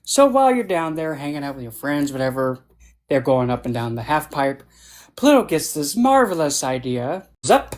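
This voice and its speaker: A man's voice: on the high side, very animated, moderate pace. A man on a video call, a panelist telling playful, jokey stories and acting out the voices. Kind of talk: casual panel talk.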